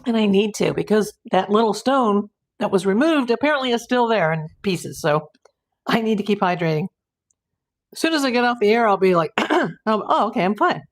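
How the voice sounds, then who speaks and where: A woman's voice: medium pitch, brisk. A woman, a private investigator, hosting a casual live stream from home and chatting as she answers viewer comments aloud.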